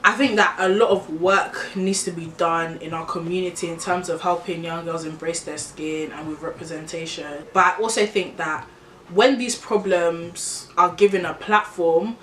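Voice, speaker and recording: A woman from Nigeria ranting in an opinion vlog, blunt and animated, calling her viewers babes. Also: fairly low pitch, normal speed, reverberant, a little hiss or hum. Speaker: vlogger.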